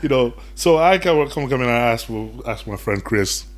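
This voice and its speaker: A man's voice: medium pitch, normal speed. A young man, a podcast guest, telling his story in casual chat and acting out the voices of people he quotes. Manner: animated, acts out quoted voices.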